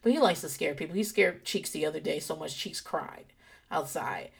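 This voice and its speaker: A woman in a casual, profane, animated chat, rambling through anecdotes and a TV recap from her home office. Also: deep voice, normal speed, gravelly. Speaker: podcaster recapping a TV show.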